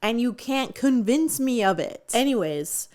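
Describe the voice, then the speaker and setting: Young woman snarking through a cringey book, sarcastic and swears a lot, super animated. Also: on the high side, measured pace. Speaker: book review youtuber. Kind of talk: comedic book reading and review.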